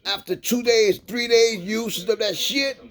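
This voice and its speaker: Speaking unhurriedly in a high-sitting, fairly bright voice, a middle-aged vlogger preaches passionately to viewers. His monologue is profane and slangy, punctuated with "man" and "you dig."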